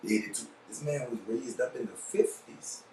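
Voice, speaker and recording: A man's voice: medium pitch, moderate pace, darkish tone, a little hiss or hum. A young man with a New Orleans accent hosting a podcast, rambling in a blunt, profane monologue and checking in with "you see what I'm saying". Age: young adult. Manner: blunt, profane street talk. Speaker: podcast host. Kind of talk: casual monologue. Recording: roomy, distant mic with faint ambience.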